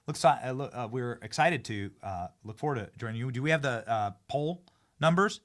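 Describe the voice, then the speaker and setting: A man hosting a live-streamed talk show from a studio, speaking in excitable casual chat and often repeating and restarting his phrases as he hypes guests. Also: mid-range voice, moderate pace. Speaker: political talk show host.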